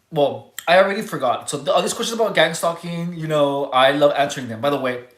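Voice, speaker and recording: A livestream host talking casually and answering viewers' chat, rambling and halting, restarting sentences and searching for words. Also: mid-range voice, animated, roomy sound.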